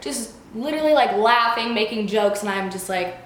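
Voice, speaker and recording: A woman's voice: sits high, steady tone, brisk, hardly any pauses, echoey room. A young woman telling a personal story in a casual storytime vlog, chatty and full of fillers, acting out what people said. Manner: chatty, filler-heavy, acts out quotes. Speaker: vlogger.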